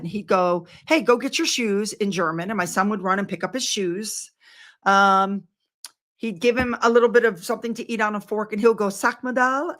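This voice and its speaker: A woman's voice: mid-range voice, fairly bright tone. An older woman chatting casually to her viewers in a rambling, effusive way. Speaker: vlogger.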